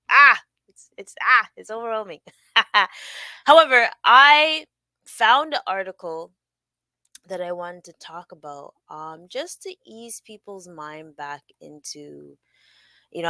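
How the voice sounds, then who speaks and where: A woman's voice: fairly low pitch, sharp tone, no echo. A woman hosting a casual solo podcast, chatty and loose, often laughing and adding playful sound effects. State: sore from working out. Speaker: podcast host.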